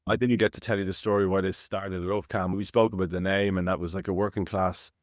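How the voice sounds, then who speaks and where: Low-voiced Irish man telling stories. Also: flat delivery, fast, no echo, clean studio sound. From Ireland. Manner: chatty storyteller, acts out quoted voices. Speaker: podcast co-host. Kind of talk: casual chat.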